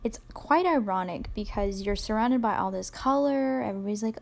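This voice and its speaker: A woman's voice: fairly high pitch, fairly quick, few pauses, darkish tone. A young adult woman hosting a solo podcast, rambling casually and self-deprecatingly with plenty of fillers. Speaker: podcast host.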